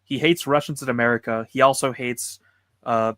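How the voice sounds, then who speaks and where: A man's voice: mid-range voice, fairly even intonation, normal speed, fairly bright tone, dry recording. A man hosting a casual chat, prompting his guest with loose, hesitant questions. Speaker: host.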